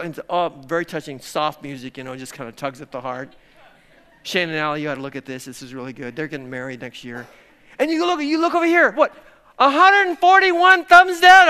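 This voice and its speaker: A middle-aged man preaching a sermon, animated, dropping to hushed tones and then rising to loud exclamations. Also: mid-range voice, smooth. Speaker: pastor.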